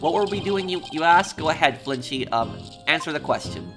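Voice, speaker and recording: A man's voice: a little high, expressive, a little fast, music in the background. A man voicing a vain, theatrical man obsessed with beauty, who talks down to people. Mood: haughty. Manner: haughty and dismissive.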